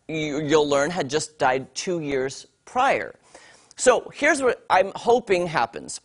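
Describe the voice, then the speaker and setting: A man hosting a segment on a morning TV show, chatting animatedly and enthusiastically about a series he is watching. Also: fairly high pitch. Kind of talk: casual on-air TV review. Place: TV studio.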